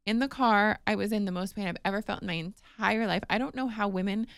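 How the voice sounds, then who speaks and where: A woman co-hosting a podcast, telling a personal story in casual chat, animated and emotional with many fillers. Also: medium pitch, fast, clean tone, dry recording, studio quality. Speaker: podcast co-host.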